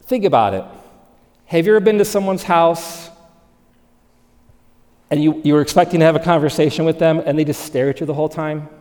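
Male preacher, upper-register voice, animated sermon delivery that drops to quiet intimacy, recorded in a hall with a long echo tail. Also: on the high side, brisk, long pauses. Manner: animated, swings from loud emphasis to hushed softness. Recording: long reverb of a large hall.

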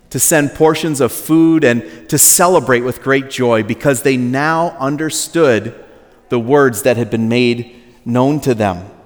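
A man preaching in a church sanctuary, his fairly high voice carried by the long reverb of a large hall. He talks to the congregation in an easy, joking way. He acts out quotes in a still higher voice. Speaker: pastor. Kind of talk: sermon.

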